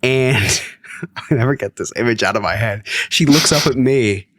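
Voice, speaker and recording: A young man co-hosting a podcast, a little congested, animatedly tells a funny story and laughs through it in casual chat. His mid-range voice moves at normal speed, and the dry recording has a clean studio sound.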